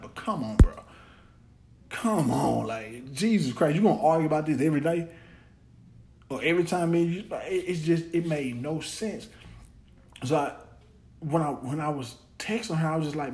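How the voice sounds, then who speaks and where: A man's voice: a little high, moderate pace, darkish tone. A man hosting a podcast, talking in a blunt, rambling casual monologue full of slang and repeated words. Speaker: podcast host.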